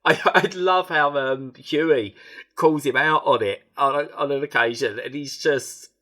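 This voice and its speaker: Bright-voiced man chatting. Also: medium pitch, unhurried. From England. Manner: enthusiastic, rambling with restarts. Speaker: podcast co-host. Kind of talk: casual chat.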